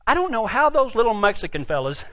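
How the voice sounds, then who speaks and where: High-voiced Texan man spinning yarns. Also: fast, dry recording. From Texas. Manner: animated, folksy, self-mocking. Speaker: storyteller. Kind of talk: humorous storytelling.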